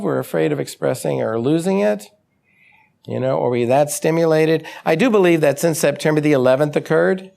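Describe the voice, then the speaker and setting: A man giving a live lecture to an audience, animated and emphatic, full of rhetorical questions. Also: medium pitch, gravelly. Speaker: lecturer on trauma healing.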